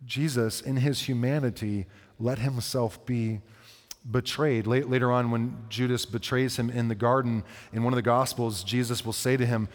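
A man preaching a sermon, reading scripture and explaining it in a conversational way, asking the listeners questions and slowing down for the verses. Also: mid-range voice, fairly even intonation. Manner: conversational, asks the congregation questions. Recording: long hall reverb.

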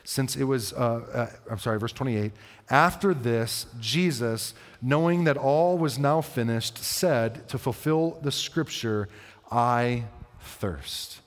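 A man's voice: mid-range voice, takes it slowly. Man preaching in a reverberant hall. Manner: conversational, asks the congregation questions. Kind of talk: sermon reading and explaining scripture.

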